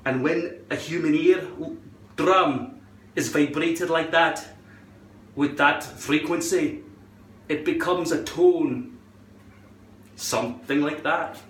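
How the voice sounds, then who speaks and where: A man's voice: on the high side, takes it slowly, pauses often, fairly bright tone. A man talking in a put-on Scottish accent, rambling and joking with a lot of swearing while he gives a hairpiece tutorial at home. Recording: roomy echo.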